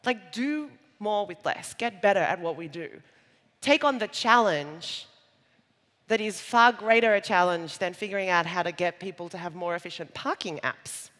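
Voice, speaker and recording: A woman with an Australian accent gives a conference keynote on stage in a large, reverberant hall. Her mid-range, fairly bright voice moves at normal speed with lively intonation, and she's conversational and jokey, tossing playful asides to the audience.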